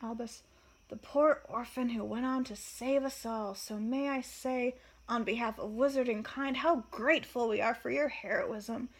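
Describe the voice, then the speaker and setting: A woman's voice: fairly high pitch, steady tone, normal speed. A woman reading the lines of a sulky, sarcastic teenage boy wizard in a storybook reading. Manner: sarcastic, mocking.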